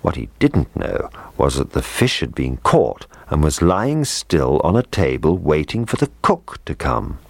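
Male storybook narrator, very deep, expressive swings. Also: measured pace, vocal fry, few pauses, no room sound. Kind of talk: storybook reading.

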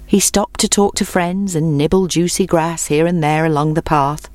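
A woman with a lowish voice reads a storybook aloud, measured and expressive. The recording is close and dry, with no room sound. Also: no room sound.

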